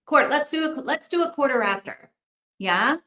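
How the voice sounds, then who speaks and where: A woman's voice: high voice, expressive, moderate pace, bright, forceful tone, reverberant. A woman hosting a casual livestream, chatting, thinking aloud and reacting to viewer comments. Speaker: livestream host.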